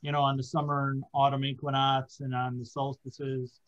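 A man's voice: medium pitch, completely flat delivery, moderate pace, fairly bright tone, lo-fi sound. A man hosting a casual podcast chat, rambling with many fillers and hesitations. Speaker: podcast host.

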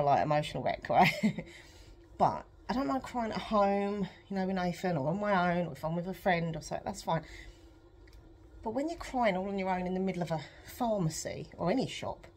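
At home on an exercise bike, a woman vlogger chats candidly to camera, rambling and emotional and laughing often. Her voice is low and darkish, with slight background noise.

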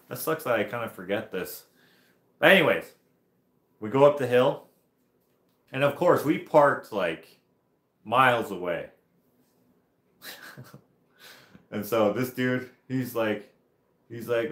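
A man's voice: lowish voice, animated, a little slow, long pauses, fairly bright tone. A man hosting a livestream, telling a long casual story in a rambling way, laughing and restarting often. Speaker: livestream host. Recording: roomy echo.

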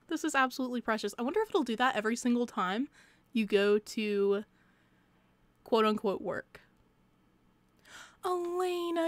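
Gushing, excitable young woman streamer. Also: on the high side. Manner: gushing, excitable, squealing with delight. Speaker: game streamer. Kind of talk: live gameplay stream chat.

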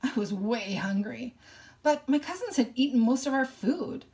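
A woman's voice: a little high, animated, normal speed, a little mellow. A woman reading a novel aloud and explaining it thoughtfully between passages.

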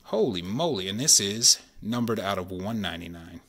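Husky low-voiced man opening card packs. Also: moderate pace. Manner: excited, chatty, says y'all often; keeping voice down while kid sleeps. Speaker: sports card breaker. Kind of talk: casual card-opening vlog. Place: home, at night.

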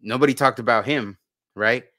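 A man's voice: medium pitch, moderate pace, pushed and bright, dry recording. A man co-hosting a podcast, talking casually and rambling with many restarts and repeated words. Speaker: podcast co-host. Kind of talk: casual conversation.

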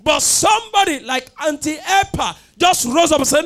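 High-voiced fervent pastor. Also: male voice, expressive, normal speed, hardly any pauses, fairly bright tone. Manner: fervent, repetitive call-and-response preaching. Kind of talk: sermon with sung prayer chants. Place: church at a night prayer service.

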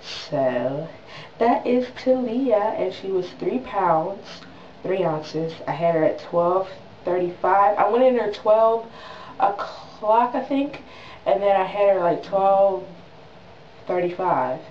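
A young woman in her twenties telling a story in a casual vlog, animated and dramatic, with quick voiced asides. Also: medium pitch, a little hiss or hum. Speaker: new mother vlogger. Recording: distant mic in an echoey room, dull sound.

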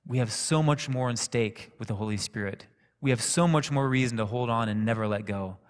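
A man preaching a sermon in a church, telling a personal story in a calm, conversational way. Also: mid-range voice, brisk. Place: church sanctuary. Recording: reverberant church hall.

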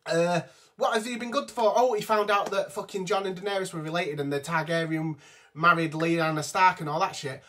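A man's voice: high voice, steady tone, brisk, fairly bright tone, slight background noise. A man giving an exasperated, profane rant reviewing a TV episode from his notes. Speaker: vlogger. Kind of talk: ranting TV review.

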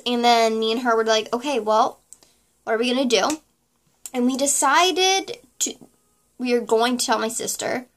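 A young woman speaks straight to her camera in a casual vlog, her voice a touch higher than most. She rambles through a personal story with plenty of "like" and quick quoted lines. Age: young adult. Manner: chatty, many likes and quoted dialogue. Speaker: vlogger.

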